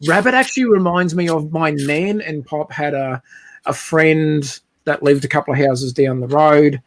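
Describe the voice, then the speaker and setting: A man's voice: on the high side, moderate pace, no echo. A man telling a long, rambling story in casual chat, speaking over a video call.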